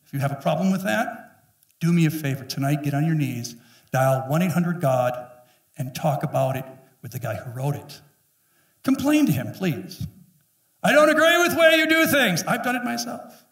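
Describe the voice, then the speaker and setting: A man in his fifties preaching with force from the pulpit, his voice pitched a little high. He jokes and acts out quick voices between blunt points. He is heard from some distance in an echoey church room. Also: sing-song, gravelly, darkish tone. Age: 50s. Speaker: pastor. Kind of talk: sermon. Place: church sanctuary.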